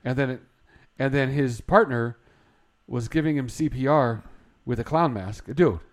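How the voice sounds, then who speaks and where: A man's voice: medium pitch, a little slow. A man co-hosting a casual morning show, teasing his partner. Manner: teasing, lively sidekick. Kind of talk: casual radio banter.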